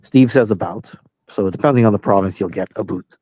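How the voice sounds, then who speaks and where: A man's voice: fairly low pitch, a little fast, dark tone, dry recording. A man from western Canada with a Canadian accent, a guest chatting in an easygoing way and telling small anecdotes. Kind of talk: casual chat.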